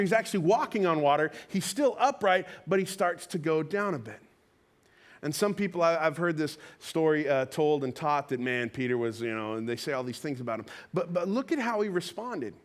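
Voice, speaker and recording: Brief: male pastor, sermon, chatty storyteller acting out quotes, higher voice. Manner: conversational, animated storytelling with acted-out quotes. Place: church auditorium.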